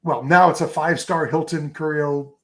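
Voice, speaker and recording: A man in a relaxed interview, rambling happily through his stories with plenty of ums and restarts. His voice sits on the higher side for a man. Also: normal speed. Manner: enthusiastic, rambling storyteller with many fillers. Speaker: photographer guest. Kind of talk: casual interview chat.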